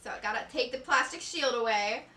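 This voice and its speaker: A young beauty vlogger gushes through a makeup unboxing, her high-ish voice expressive, a little fast, and sharp. She's effusive and giggly with excitement. She sounds far from the mic, a bit off-mic in an echoey room.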